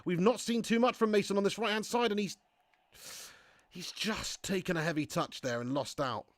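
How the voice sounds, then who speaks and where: A man streaming a football game live, commentating excitably and chatting with viewers. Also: high voice, moderate pace, no echo. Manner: excitable, swearing, chatty banter. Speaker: gaming livestreamer.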